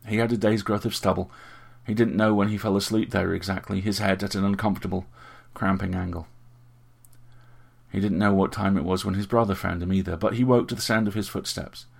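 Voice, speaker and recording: Male audiobook narrator, measured storytelling, very low voice, gravelly texture. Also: steady tone.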